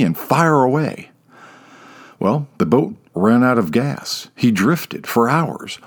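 A man narrating a comic story in a wry, playful way. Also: medium pitch.

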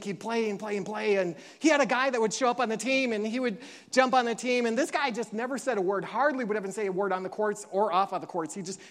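A man preaching a sermon, telling stories with lively acted-out quotes and quiet, slow emotional passages. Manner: animated storytelling, acts out quotes with big pitch jumps; drops soft and slow for emotional moments. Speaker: pastor.

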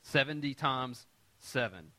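A man's voice: mid-range voice, animated, takes it slowly, bright, forceful tone. A man preaching a sermon as pastor, explaining scripture in everyday terms with light humor and often checking in with his listeners. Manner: conversational preaching with frequent audience check-ins.

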